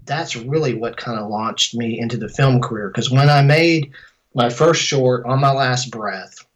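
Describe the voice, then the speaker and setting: A man's voice: medium pitch, measured pace, low-quality recording. Rambling middle-aged man telling stories. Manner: rambling, with many restarts and fillers. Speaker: filmmaker and composer guest. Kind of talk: casual interview storytelling.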